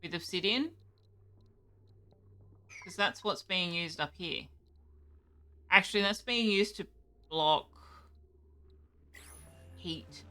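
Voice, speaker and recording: A young woman streaming a game, chatting casually and thinking aloud, reacting with quick surprise to what happens. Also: sits low, sharp tone. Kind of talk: casual live gameplay commentary.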